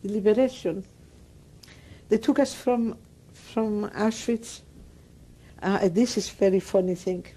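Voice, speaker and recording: Older woman from Greece, Greek accent, non-native English, warm low-bright tone, emphatic oral-history speaker. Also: slow pace. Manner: broken English, emphatic and repetitive storytelling. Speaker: Holocaust survivor interviewee.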